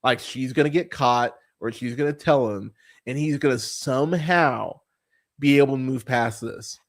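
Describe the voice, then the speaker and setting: A man hosting a movie podcast, ranting about a film in a casual, profane, exasperated way, often stumbling and repeating words. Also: medium pitch. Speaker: podcast host. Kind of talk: casual movie review rant.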